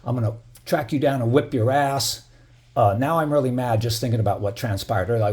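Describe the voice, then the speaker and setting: A man's voice: medium pitch, fairly quick, a little mellow. A middle-aged man telling a story in a casual vlog, heated and profane, full of "you know" fillers. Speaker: building resident narrating security footage.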